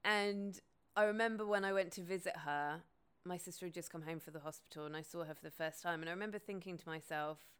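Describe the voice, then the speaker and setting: Woman, thirties, podcast host, candid and sweary, smooth, lowish voice. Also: fast talker, fairly bright tone. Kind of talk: casual personal monologue.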